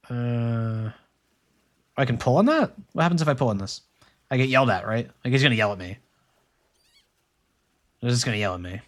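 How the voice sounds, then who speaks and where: A man's voice: mid-range voice, lively intonation, moderate pace, long pauses. A man streaming a point-and-click adventure game live, chatting casually with playful, teasing, rambling asides. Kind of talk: casual live let's-play commentary.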